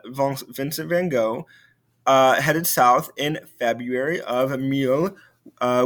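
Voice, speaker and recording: Man teaching a French video lesson. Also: mid-range voice. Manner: relaxed, many fillers and restarts.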